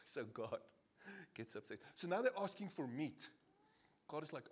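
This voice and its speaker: Animated high-voiced South African pastor. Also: male voice, moderate pace. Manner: animated, laughing, playful asides to the congregation. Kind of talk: sermon. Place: church service.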